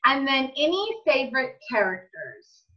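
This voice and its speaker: A woman interviewer talking casually and eagerly, quick to agree and cheer her guest on. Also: sits high, sing-song, highs cut off.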